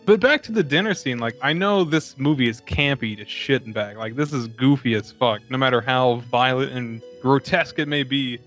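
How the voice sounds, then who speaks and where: A man's voice: mid-range voice, moderate pace, hardly any pauses, fairly bright tone, soft background music. Crude, foul-mouthed man on a podcast. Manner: crude, heavy swearing, laughs into lines. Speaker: podcast co-host. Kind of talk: casual movie-review chat.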